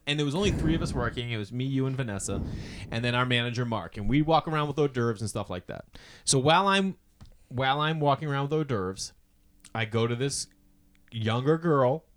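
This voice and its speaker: Animated man telling a story. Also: medium pitch, brisk. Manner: animated storyteller, acts out quoted people with loud outbursts and swearing. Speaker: podcast co-host. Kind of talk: casual storytelling chat.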